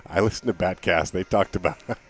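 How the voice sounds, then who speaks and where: A man's voice: low voice, moderate pace, gravelly, husky. A man who produces and co-hosts a podcast, chatting in an easygoing way and laughing often. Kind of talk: casual chat.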